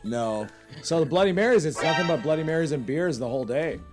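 A man's voice: a little high, animated, quick pace. A young man with a Midwestern American accent, animatedly telling stories in a casual group chat and laughing often. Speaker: podcast co-host. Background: music under the talk.

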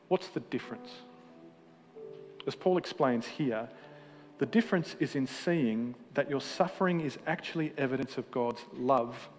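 Passionate male preacher in a big hall. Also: mid-range voice. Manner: passionate, rising to emphatic peaks then dropping quiet; self-deprecating humor. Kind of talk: sermon. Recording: hall reverb with faint music.

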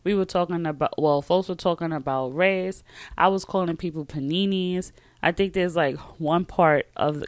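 Woman, podcast host, casual solo talk, chatty, emphatic, low voice, dry close mic. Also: darkish tone, no room sound. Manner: chatty and emphatic, trails off and restarts.

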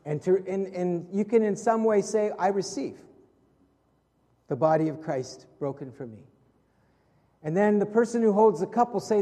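A man preaching a conversational sermon as pastor, asking his congregation questions and dropping softer for prayerful moments. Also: high-pitched. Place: church hall with congregation. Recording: long hall reverb.

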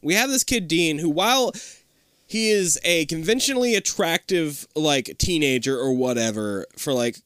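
Male co-host, animated and sweary, lively pitch, dry close sound. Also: moderate pace, clean tone, dry recording. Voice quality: animated, swears often, laughs a lot. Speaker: podcast co-host. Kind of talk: casual recap chat.

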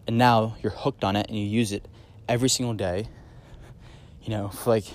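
A man's voice: on the low side, fairly even intonation, normal speed. Male podcast host, solo monologue; casual, filler-heavy, eager emphasis on key points. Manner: casual, rambling, many fillers and restarts.

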